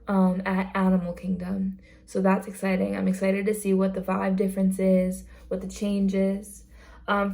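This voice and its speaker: A young woman talks to camera in an easygoing, earnest way, leaning on "like" and "um" as she goes. Her mid-height voice carries a gentle gravelly fry at the ends of phrases. She sounds like a casual vlogger sharing stories from her job. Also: medium pitch. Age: young adult. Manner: chatty and earnest, many fillers and likes. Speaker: theme park greeter on a college program. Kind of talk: casual vlog talk.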